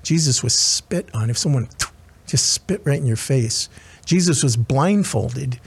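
A man's voice: mid-range voice, lively intonation, measured pace, creaky, slightly rough. A man preaching as a chaplain, retelling a scripture story earnestly with frequent restarts and asides. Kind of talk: sermon.

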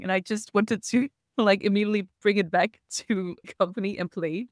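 A woman's voice: medium pitch, a little fast, hardly any pauses, no room sound, studio quality. A woman hosting a casual livestream talk, chatty and laughing often as she reads the chat. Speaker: host.

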